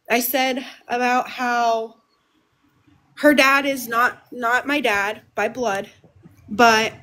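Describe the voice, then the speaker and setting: A woman speaking as a livestream guest, halting and emotional, restarting her sentences as she tells a family story. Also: fairly high pitch, a bit bright.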